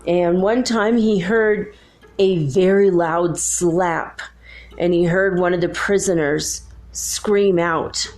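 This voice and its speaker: A woman's voice: mid-range voice, slow. A middle-aged woman hosting a show, telling a ghost story in a casual way, laughing often and acting out the voices of the people in it. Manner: animated, laughs often, acts out quoted voices. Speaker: podcast host.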